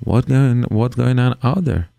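Gravelly rabbi teaching in slow earnest English. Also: male voice, medium pitch, dark tone, no echo. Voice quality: non-native English grammar. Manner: earnest, acts out parent and child in dialogue. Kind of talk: Torah lecture on parenting.

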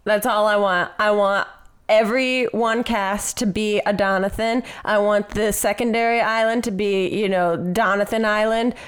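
A woman co-hosting a podcast in casual chat, enthusiastic and quick to laugh while riffing on silly ideas. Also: mid-range voice, fairly even intonation, smooth. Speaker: podcast co-host.

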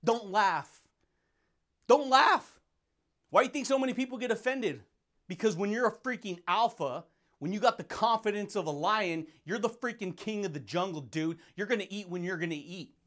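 A man's voice: sits high, animated, a little fast, a bit bright. A man hosting a motivational podcast, talking in an intense, brash way, laughing often and calling the listener dude and buddy. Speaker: podcast host. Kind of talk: motivational monologue.

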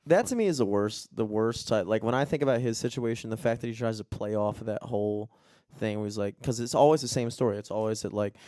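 A young man, chatting casually as a podcast co-host and telling stories in a profane, animated way. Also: fairly low pitch, fast talker, no room sound, studio quality. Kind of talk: casual chat.

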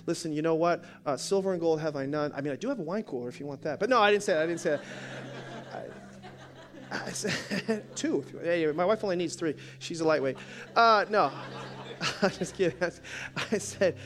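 A man preaching a sermon, telling a story with jokes before dropping to a soft, prayerful tone. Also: a little high, slight background noise. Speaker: pastor. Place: church sanctuary.

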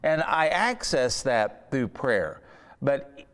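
A man's voice: mid-range voice, very animated, slow pace, fairly bright tone, long reverb tail. A man preaching a sermon, earnest and conversational, asking the listeners questions. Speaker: pastor.

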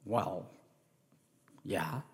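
A middle-aged man preaching a sermon as a pastor, animated and acting out the voices of the people in his story. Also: deep voice, very slow, breathy edge, in a large hall. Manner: animated, acts out voices of characters.

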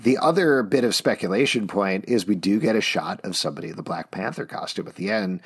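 Brief: middle-aged male podcast host, lowish voice, eager and animated in casual talk. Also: slightly rough. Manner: enthusiastic, quick, animated asides. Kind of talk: casual pop-culture chat.

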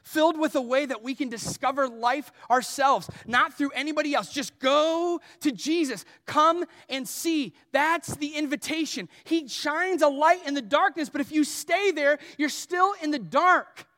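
Man, pastor, sermon, very high voice, emphatic then hushed, big reverberant hall. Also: measured pace, few pauses. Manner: animated, swings from loud emphatic to soft and low.

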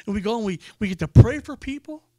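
A man preaching, telling a story in an animated way and acting out the people in it. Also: high-pitched, fast, no room sound, studio quality. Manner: animated storyteller, acts out quoted voices. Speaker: pastor. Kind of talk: sermon storytelling.

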